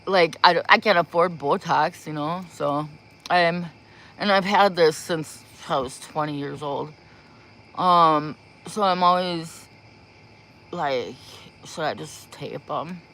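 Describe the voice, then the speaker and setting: A woman's voice: fairly low pitch, a bit bright, a little hiss or hum. A woman chatting casually on a livestream before giving spiritual readings, rambling and giggling as she talks into a propped-up phone in a small room. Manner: rambling, giggly, slow talker.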